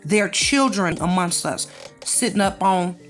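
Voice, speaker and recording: A woman's voice: lowish voice, unhurried, soft background music. Sassy preachy woman with a drawl. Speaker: commentary channel host. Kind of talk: casual monologue commentary.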